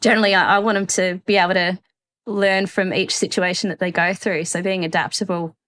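A woman's voice: fairly low pitch, level tone, a little fast, a bit bright. A woman, a mother on a parenting panel, talking in a chatty way and laughing often. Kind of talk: casual chat.

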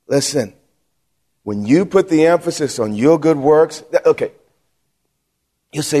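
A man's voice: a little high, lively intonation, a little slow, pauses often, mellow. A man preaching a sermon from the pulpit, emphatic, repeating himself and putting questions to the congregation. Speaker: pastor. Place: church sanctuary. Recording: long hall reverb.

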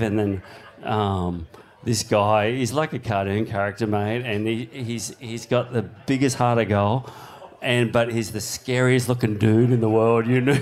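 An Australian man from the south coast, telling lively stories on stage at a live panel, laughing and swearing freely. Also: medium pitch. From New South Wales south coast, Australia. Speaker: panel guest, surfer. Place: live panel at a bowling club in front of an audience.

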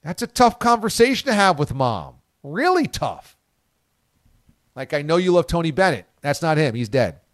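A man's voice: a little high, very animated, moderate pace, no echo, studio quality. A man hosting a sports radio show, reading listener tweets in casual banter and laughing often.

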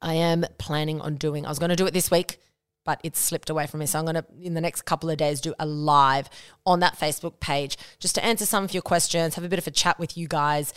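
Solo podcast host, a woman with a low voice; chatty, blunt, drops swear words, recorded dry and close. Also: fairly even intonation, fast talker, clean tone, no room sound. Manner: chatty and frank, swears freely. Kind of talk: casual solo podcast talk.

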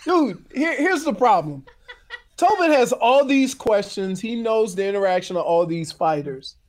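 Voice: mid-range voice, animated, unhurried. Teasing, laughing sports talk co-host. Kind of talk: casual sports banter.

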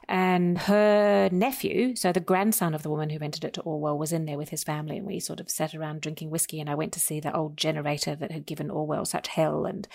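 A woman's voice: low voice, gravelly, a little mellow. A woman author telling stories as a guest in an interview, laughing now and then. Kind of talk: relaxed storytelling in conversation.

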